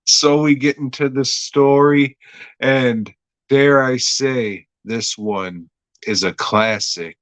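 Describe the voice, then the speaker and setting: Slow-talking, profane man recapping an episode. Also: mid-range voice, steady tone, fairly bright tone, dry recording. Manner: rambling, profane, jokey. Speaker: podcast host reviewing a TV episode.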